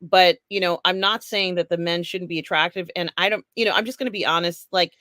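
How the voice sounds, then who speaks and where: A woman's voice: lowish voice, steady tone, a little fast, pushed and bright, no echo, studio quality. A woman co-hosting a casual pop culture chat, frank and chatty, laughing often and talking through lots of fillers. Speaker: co-host.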